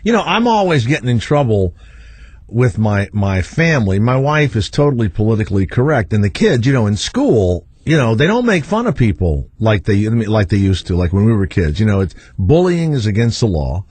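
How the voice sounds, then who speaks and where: A middle-aged man hosts a radio show, talking bluntly and crudely in casual banter. His voice is husky and recorded dry and close, and his pitch rises and falls a lot as he tells his stories. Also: big pitch swings, normal speed, darkish tone, dry recording.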